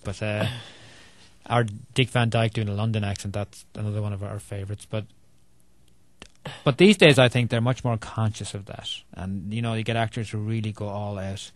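An Irish man, a children's author, chatting in an interview, self-deprecating and quick to laugh. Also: on the low side, fairly even intonation, no echo. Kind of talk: casual interview chat.

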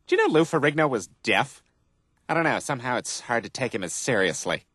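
A man's voice: mid-range voice, big pitch swings, fairly quick, fairly bright tone, slightly rough, no echo, studio quality. An actor voicing a lazy, fussy male alien in a cartoon, with a campy, arch drawl. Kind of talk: cartoon voice acting.

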